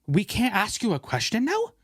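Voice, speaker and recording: A young man hosting a casual podcast, ranting in an animated way and swearing freely. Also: high-pitched, moderate pace, dry recording, studio quality. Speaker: podcast host.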